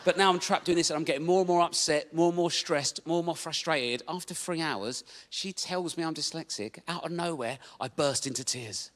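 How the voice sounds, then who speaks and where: Stand-up comic, man, bright tone, animated and sweary. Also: a little high, a little fast, few pauses. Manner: animated storytelling, swearing, acted-out shouting. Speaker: stand-up comedian. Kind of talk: stand-up comedy routine. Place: comedy venue stage.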